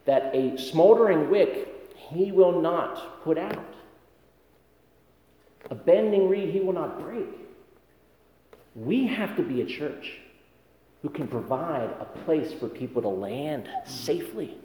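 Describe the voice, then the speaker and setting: A man's voice: fairly high pitch, animated, slow, pauses often, warm tone, slight background noise. A man preaching a sermon, telling stories in a conversational way with self-deprecating humor. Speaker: pastor. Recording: echoey hall with long reverb.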